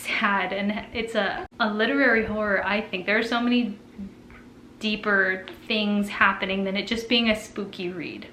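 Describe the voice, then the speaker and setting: A woman's voice: mid-range voice, sharp tone, slight background noise. A young woman talking casually about books, chatty, often trailing off and restarting her sentences. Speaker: book vlogger. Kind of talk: casual chat. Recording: echoey room with faint ambience.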